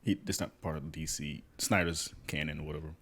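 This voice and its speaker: A man co-hosting a casual podcast chat, blunt, swearing casually and breaking into loud laughter often. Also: very deep voice, fairly even intonation, quick pace, breathy edge. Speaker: podcast co-host.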